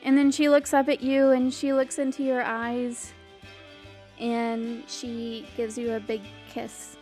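High-voiced woman narrating as game master. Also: completely flat delivery, a little mellow, soft background music. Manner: casual, halting narration with restarts.

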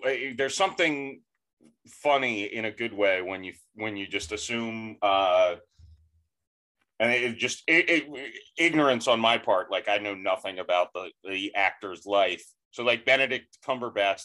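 A man's voice: fairly low pitch, sharp tone. An American man hosting a podcast interview over a remote call, talking casually with frequent restarts and stammers. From United States. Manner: hesitant, many restarts and stammers. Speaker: podcast host.

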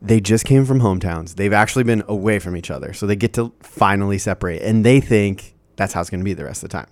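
A young man co-hosting a podcast, explaining in a relaxed way how a reality dating show is made. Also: fairly low pitch, quick pace, dry recording, studio quality. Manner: explains behind-the-scenes details in a relaxed way. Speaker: podcast co-host. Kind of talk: casual chat recapping a reality dating show.

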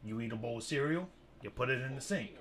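A man who is a podcast guest, speaking in a calm, matter-of-fact way in casual chat. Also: mid-range voice, fast.

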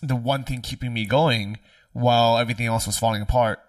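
A man's voice: mid-range voice, steady tone, fairly quick, no echo, clean studio sound, distant mic. A man hosting a podcast interview, asking curious questions in a casual, filler-heavy way. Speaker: podcast host.

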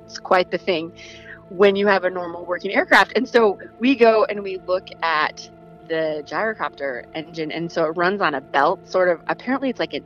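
A woman telling a story in a casual, animated way, laughing and imitating the people in it. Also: fairly low pitch, moderate pace, highs cut off, faint music behind. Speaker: guest storyteller.

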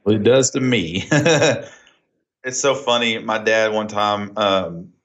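A man's voice: on the low side, takes it slowly. Chatty Oklahoma man, muffled. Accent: Southern Oklahoma. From Oklahoma, USA. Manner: animated storyteller, laughs often. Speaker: podcast guest. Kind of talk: casual chat. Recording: dull lo-fi sound.

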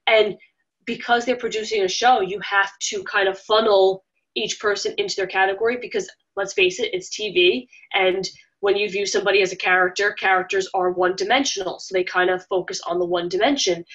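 A woman's voice: medium pitch, brisk. Rambling woman guest, dull audio. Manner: rambling, animated, acts out quoted voices. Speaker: interview guest, former reality show contestant. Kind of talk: casual interview talk.

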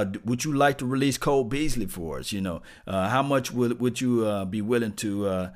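A man hosting a casual live sports stream, talking loosely and repeating himself, chuckling and shouting out viewers. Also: on the low side. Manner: loose, repetitive, chuckling, reads out viewer names.

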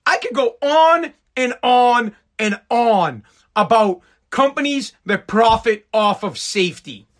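A man's voice: very high-pitched, animated, slow pace, fairly bright tone. A man from the United States ranting sarcastically and profanely on a live stream.

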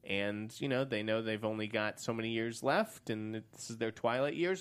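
A man's voice: medium pitch, normal speed, few pauses, fairly bright tone, clean tone. A man co-hosting a casual movie podcast. He is blunt and cusses freely, and he laughs easily between points. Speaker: podcast co-host. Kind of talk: casual movie news chat.

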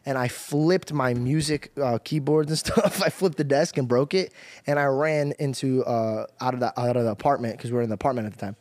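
A young man hosting a podcast, telling stories in animated casual chat, laughing often and swearing freely. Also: medium pitch, fairly quick, dry recording. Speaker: podcast host.

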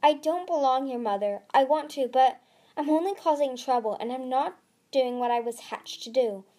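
A woman's voice: high-pitched, moderate pace, warm tone, close to an everyday voice. A woman reading the part of a headstrong young female sea dragon, speaking bluntly. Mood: earnest.

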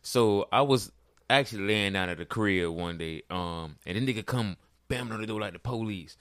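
A man's voice: on the low side, moderate pace, no echo, clean studio sound. A man on a podcast telling a long story in casual chat, acting out what others said. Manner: animated storyteller, acts out quoted lines. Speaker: podcast co-host.

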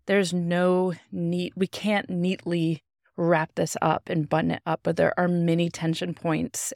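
A woman's voice: on the low side, vocal fry, no echo, studio quality. A woman in her thirties, a pastor and podcast co-host, chatting reflectively and often agreeing. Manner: warm agreeing interjections, reflective. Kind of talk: casual theological chat.

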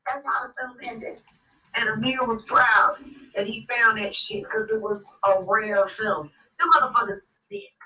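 A woman guest on a podcast, telling a story in a blunt, animated way and swearing constantly. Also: a little high, a little slow, distant mic, poor audio. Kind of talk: profane storytelling.

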